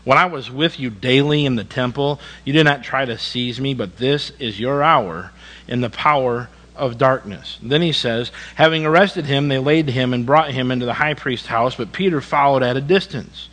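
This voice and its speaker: A male pastor delivers a sermon at medium pitch and moderate pace, reading scripture with drama. He slips in folksy, chatty asides and drops suddenly into quiet emphasis. The audio quality is poor.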